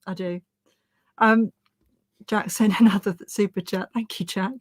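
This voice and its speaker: A woman's voice: mid-range voice, steady tone, a little slow. Easygoing woman reading out viewer chat. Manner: easygoing, laughs often. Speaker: co-host reading out viewer messages. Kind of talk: casual live chat.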